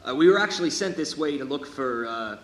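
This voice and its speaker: A man voicing a polite gentleman rider in a tabletop game, courteous and hesitant with many fillers. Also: medium pitch, lively intonation, brisk, roomy sound, natural voice.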